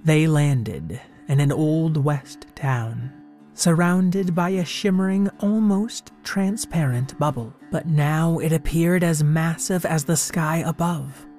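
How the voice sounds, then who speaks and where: A man's voice: a little high, takes it slowly, darkish tone, soft background music. A man narrating a comic storybook tale in a playful way.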